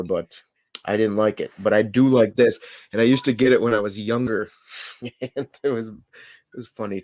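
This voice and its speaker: A young man hosting a podcast, chatting casually in a rambling, profane, laughing way. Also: medium pitch. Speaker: podcast host. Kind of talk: casual chat.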